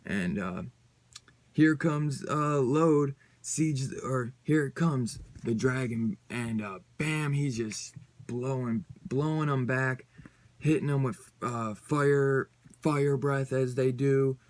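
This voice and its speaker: A man's voice: mid-range voice, slow pace. A man giving a casual comic book review on his channel, rambling and loose, with lots of fillers and some swearing.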